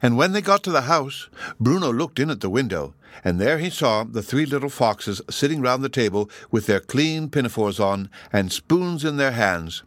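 A man narrating a children's story in an expressive, measured way. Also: medium pitch, dry recording. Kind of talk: audiobook narration.

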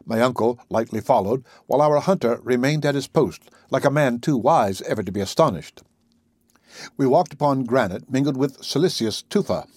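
A man narrating a classic adventure novel in the first person, with a husky voice and measured storytelling. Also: mid-range voice, darkish tone, no echo, studio quality. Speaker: audiobook narrator.

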